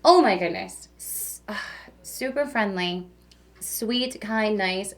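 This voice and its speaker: A woman's voice: mid-range voice, expressive, takes it slowly. A woman who works as a radio DJ, a guest telling stories in a chatty way, full of fillers. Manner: chatty, full of "like" and "you know". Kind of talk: casual storytelling.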